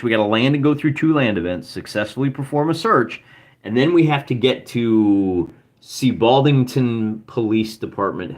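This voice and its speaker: A man narrating his solo journaling game in a relaxed, chatty way, thinking aloud as he goes. His pitch sits mid-range but moves around a lot, rising and dipping as he talks to his live chat. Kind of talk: casual let's-play narration.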